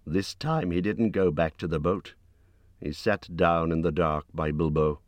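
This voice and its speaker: A man narrating an audiobook in an expressive reading voice, lifting his pitch for character lines. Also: measured pace, no echo. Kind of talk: scripted narration.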